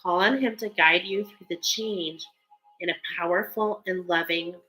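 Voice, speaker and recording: Bright-voiced woman reading oracle cards. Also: on the low side, steady tone, measured pace, soft background music, low-quality recording. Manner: earnest, emotional, reads card texts aloud with many fillers. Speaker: tarot card reader. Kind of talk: spiritual card reading.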